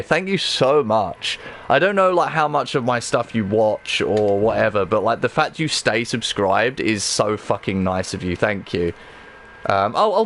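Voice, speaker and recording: A man streaming himself playing a game, chatting casually to viewers with rambling, excitable talk and frequent swearing. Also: medium pitch, a little hiss or hum. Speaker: livestreamer. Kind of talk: casual gameplay livestream chat.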